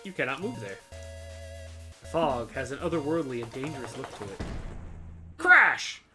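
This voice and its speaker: A woman's voice: very deep voice, expressive, fairly quick, over music. A woman streamer reading a video game's story text aloud, with playful asides. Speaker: streamer and game developer.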